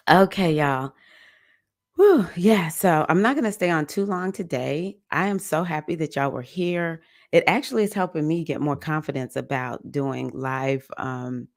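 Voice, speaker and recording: A woman's voice: low voice, creaky, darkish tone, no room sound, clean studio sound. A woman, a young-adult livestream host and mindfulness teacher, chatting casually with viewers, laughing often and rambling through fillers. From United States. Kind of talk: casual chat reading viewer comments.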